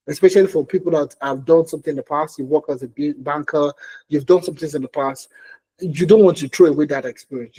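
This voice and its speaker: In a rough recording, a man with a fairly high, mellow voice presents a career webinar for tech job seekers. He speaks emphatically, repeats key phrases and keeps checking in with "okay?" and "all right?".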